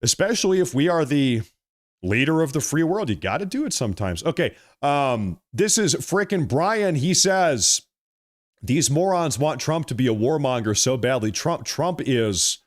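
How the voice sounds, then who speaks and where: A man with a fairly high, sing-song voice speaks at a moderate pace. He hosts a political livestream, reading out viewer comments and responding emphatically, repeating phrases and thanking viewers by name.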